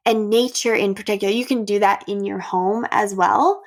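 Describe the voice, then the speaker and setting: A middle-aged woman hosting a podcast, talking calmly and gently as she guides the listener through breathing practices. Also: mid-range voice, moderate pace. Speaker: podcast host. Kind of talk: reflective solo podcast talk.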